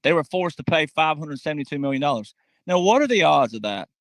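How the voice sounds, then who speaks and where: A man's voice: fairly high pitch, sing-song, fast, no echo. A man delivering a political commentary monologue, emphatic and talking straight to his audience, acting out quotes in mocking voices. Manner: emphatic, addresses audience directly.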